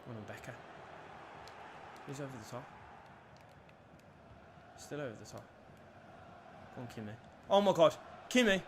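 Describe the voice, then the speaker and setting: A young man commentating his own football video game match, nervy and swearing, bursting into shouts at big moments. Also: medium pitch, big pitch swings, measured pace, long pauses, a little hiss or hum. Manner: nervous, swearing, erupting into shouts at goals. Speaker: gaming YouTuber. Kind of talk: live gameplay commentary.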